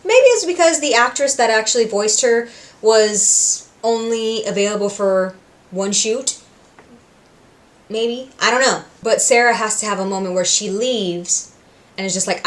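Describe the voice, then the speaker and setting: A Puerto Rican woman hosts a reaction video, casually recapping scenes and commenting on them with animated storytelling while acting out the characters' lines. Her voice is a little high, and she speaks a little slowly.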